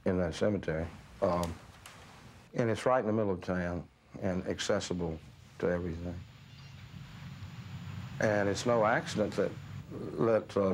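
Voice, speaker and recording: A man's voice: lowish voice, a little hiss or hum. Musing middle-aged man. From Mississippi, US. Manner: slow, musing, with frequent uh and restarts. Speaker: author interviewed. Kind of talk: reflective storytelling interview.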